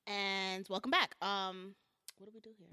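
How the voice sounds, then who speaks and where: A woman's voice: medium pitch, steady tone, normal speed, pushed and bright, smooth. A woman co-hosting a podcast, chatting casually and retelling web series scenes with animation. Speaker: podcast co-host.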